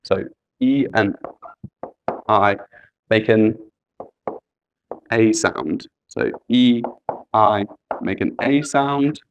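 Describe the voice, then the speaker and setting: A man's voice: fairly low pitch, drawn-out words, pauses often, lo-fi sound, slight background noise. A man teaching an English spelling lesson, patiently repeating letters and example words.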